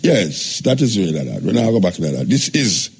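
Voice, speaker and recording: A man's voice: deep voice, sing-song, moderate pace, husky. A man hosting a radio show. He talks in a loose, rambling way and repeats himself. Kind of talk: talk radio chat.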